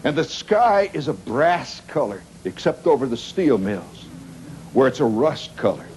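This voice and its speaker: A middle-aged man telling a rambling comic story to a live audience, wry and animated, with dramatic pauses and sound effects. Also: mid-range voice. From Indiana, United States. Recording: 1970s live recording with noisy audience.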